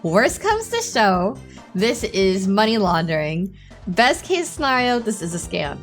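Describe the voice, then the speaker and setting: A young woman telling a storytime as a VTuber, dramatic and animated, laughing often. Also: medium pitch, a little slow, faint music behind.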